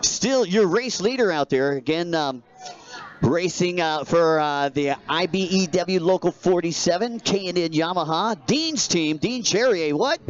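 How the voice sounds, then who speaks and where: A man announcing a live race, energetic and jokey, rallying the crowd. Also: high-pitched, measured pace. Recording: dull lo-fi livestream audio.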